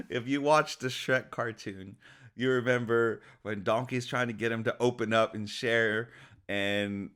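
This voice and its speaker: A man giving an encouraging, motivational faith talk, upbeat and quick to laugh. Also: medium pitch, fairly bright tone. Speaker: faith speaker.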